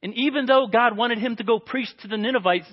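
High-voiced man preaching a sermon. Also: brisk, dull audio. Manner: earnest, drops to a hushed voice for quoted prayers.

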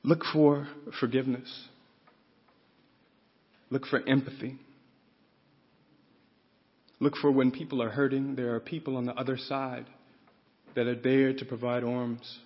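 A man's voice: medium pitch, level tone, measured pace, long pauses. A man preaching a sermon in a church, building up to fervent emphasis as he teaches from scripture. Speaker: pastor. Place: church sanctuary. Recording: dull sound with long reverb.

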